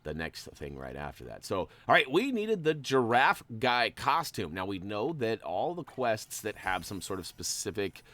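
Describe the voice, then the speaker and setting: A gaming channel host plays a video game while giving casual, playful commentary, chatty and jumping up in excitement. His voice is on the low side, at a moderate pace with few pauses and no room sound.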